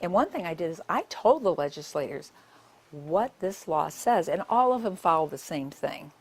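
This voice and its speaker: A woman's voice: low voice, very animated, moderate pace, breathy edge. An older woman, a nurse, giving a public talk and telling her stories in a conversational way with many asides.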